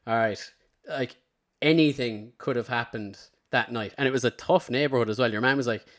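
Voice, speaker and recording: A man's voice: medium pitch, moderate pace. A man, a podcast guest telling a rambling story in casual chat, swearing freely and muttering his own past remarks under his breath.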